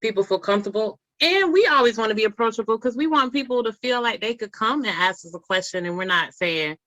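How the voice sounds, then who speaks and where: A woman's voice: a little high, fast, dry recording. A woman co-hosting a music podcast, chatting casually and acting out quoted remarks as she tells stories. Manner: animated storyteller, acts out quotes. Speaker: podcast co-host. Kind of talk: casual chat.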